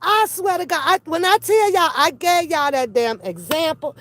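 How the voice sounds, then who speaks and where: A woman's voice: very high voice, normal speed. A woman hosting a reaction channel, ranting in casual, profane commentary and mimicking the people she talks about. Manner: animated, profane, mimics others.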